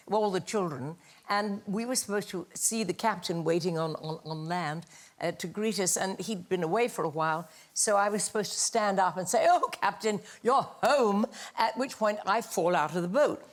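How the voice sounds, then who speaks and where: An older woman telling an anecdote as a talk show guest, animated and acting out the lines she quotes. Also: on the low side, a little fast. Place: TV studio with live audience.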